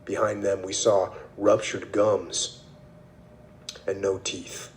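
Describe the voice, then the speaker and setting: Deep, flat-voiced male host. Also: slow pace, a little hiss or hum. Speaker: podcast host. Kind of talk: reading a book excerpt aloud and discussing it.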